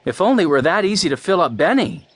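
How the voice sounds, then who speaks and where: A man's voice: on the high side, very animated, fast, dry recording, voice pushed up. A man reading a storybook, voicing a sensible fourteen-year-old boy in a near-natural, friendly voice.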